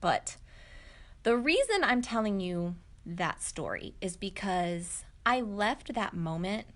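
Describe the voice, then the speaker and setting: A woman's voice: medium pitch, big pitch swings, slow, fairly bright tone. A woman, telling a personal story to camera in a candid, reflective, chatty way with many fillers. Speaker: vlogger.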